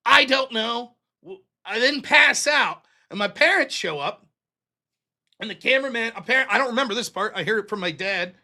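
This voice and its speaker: High-pitched lively man telling stories. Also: normal speed. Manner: profane, rambling anecdotes. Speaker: live stream host. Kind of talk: casual storytelling.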